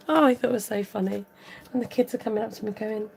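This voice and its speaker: A woman's voice: mid-range voice, normal speed, vocal fry, pauses often, darkish tone. A woman chatting casually and giggling as she demonstrates a papercraft tutorial at home. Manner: chatty, giggly, talks while working. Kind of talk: casual crafting tutorial chat.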